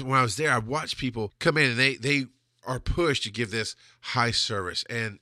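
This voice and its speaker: Bright-voiced man ranting, profane. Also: mid-range voice, dry recording, studio quality. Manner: blunt and profane, heated. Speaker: podcast host. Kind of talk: ranting solo monologue.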